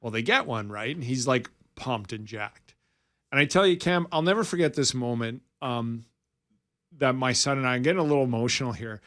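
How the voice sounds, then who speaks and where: A man's voice: mid-range voice, a little fast. A man in his forties from Alberta, co-hosting sports radio and telling a long story in a casual way, acting out the quotes. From Alberta, Canada. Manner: animated, acts out quoted dialogue.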